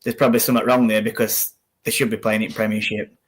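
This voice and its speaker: A man's voice: lowish voice, flat delivery, quick pace, breathy edge. A man co-hosting a football watch-along, chatting and calling the live play. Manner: conversational, calls the live play as it happens. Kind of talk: casual football chat and live match commentary.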